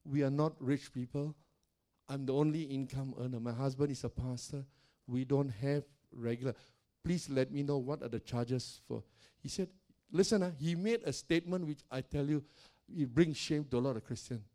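An older man, a pastor, telling stories in a sermon in a loud, animated way, often laughing and acting out the voices of the people he quotes. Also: mid-range voice, moderate pace. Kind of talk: sermon storytelling.

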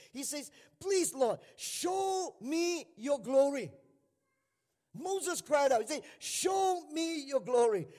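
A man preaching a sermon to a church, building to fervent shouting, in a large hall with long reverb. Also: very high-pitched. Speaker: pastor.

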